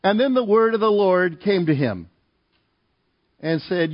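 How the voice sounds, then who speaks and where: A man's voice: sits high, very animated, a little slow. A middle-aged man preaching a sermon, telling stories in a conversational, rambling way with fillers and restarts. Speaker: pastor. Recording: dull lo-fi sound.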